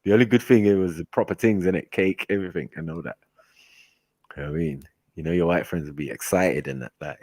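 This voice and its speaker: A man telling stories in a casual chat, animated and slangy, laughing often. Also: deep voice, fast talker, no echo. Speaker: host.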